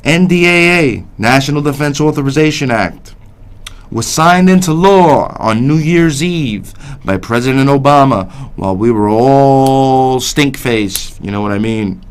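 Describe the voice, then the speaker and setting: Male call-in host, heated ranting delivery, mid-pitched voice. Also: lively intonation, a little slow, clear, resonant tone. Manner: heated, repetitive, swears under his breath. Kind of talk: ranting political call-in talk.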